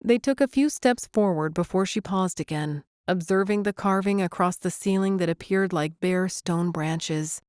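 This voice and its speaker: Woman narrating a romcom audiobook, lowish voice, dry close mic. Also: normal speed, hardly any pauses, a little mellow, clean tone, no room sound. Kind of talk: scripted narration.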